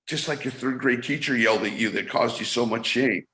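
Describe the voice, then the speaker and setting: A man's voice: mid-range voice, fairly quick, hardly any pauses, bright, forceful tone. A man with a middle-range voice gives a motivational talk about energy and suffering. He acts out anxious inner chatter in a raised voice. The room adds a noticeable echo. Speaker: energy awareness mentor. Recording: roomy echo.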